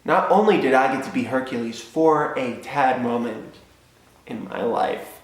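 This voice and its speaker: A young man vlogger telling a comic personal story in an animated, self-mocking way, acting out scenes, recorded in a very echoey room. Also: medium pitch, measured pace. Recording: very echoey room, faint noise.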